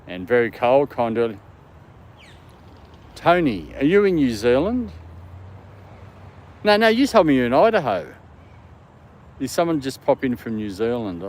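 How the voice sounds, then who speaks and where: A man's voice: mid-range voice, sing-song, unhurried, pauses often. An Australian man hosting a casual livestream from a dog park, answering viewer comments and talking to his dog. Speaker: livestream host.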